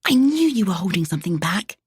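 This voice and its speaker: A woman's voice: medium pitch, sing-song, a little fast, slightly rough, no room sound, studio quality. A woman voicing a proud, independent woman painter who speaks tartly and curtly. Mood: whispered scolding.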